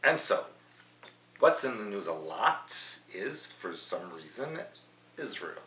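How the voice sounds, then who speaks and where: A man's voice: lowish voice, very animated, slow, bright, forceful tone. A middle-aged man hosting a news podcast, reading quotes aloud and adding opinionated asides. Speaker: podcast host. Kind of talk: news commentary chat. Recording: roomy, slightly distant mic with faint hum.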